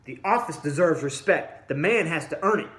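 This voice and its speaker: A man rants with blunt, combative anger, talking straight at the people he is scolding. His voice sits a bit high for a man and keeps jumping between quiet grumbling and loud outbursts. The room around him is echoey and hollow. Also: lively intonation, normal speed. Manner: blunt, combative, addresses listeners directly. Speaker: vlogger. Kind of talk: angry ranting monologue.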